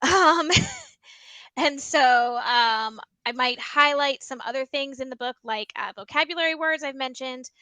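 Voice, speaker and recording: A woman's voice: high-pitched, measured pace, bright, forceful tone, clear, resonant tone, no room sound, rough recording. A woman librarian giving casual teaching tips about reading picture books aloud, chatty and full of ums. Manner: chatty, many ums, explains by example. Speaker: school librarian.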